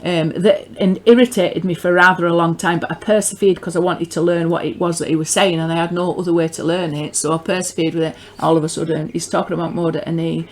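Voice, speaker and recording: A middle-aged woman with a northern English accent giving a rambling personal testimony, often repeating and restarting words as she grows excited. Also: lowish voice, fast talker, few pauses. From northern England. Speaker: religious video maker.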